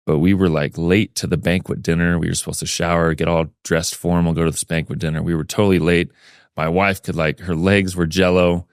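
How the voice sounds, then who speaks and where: A man as a podcast guest, telling a personal story in a lively way and acting out the things people said. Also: low-pitched, brisk, clean tone, no room sound, clean studio sound. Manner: lively storyteller who acts out remembered dialogue.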